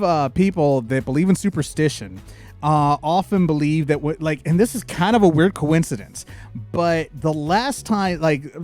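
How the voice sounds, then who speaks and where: A man hosting a casual news chat, rambling and excitable, with many restarts. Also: a little high. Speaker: podcast host.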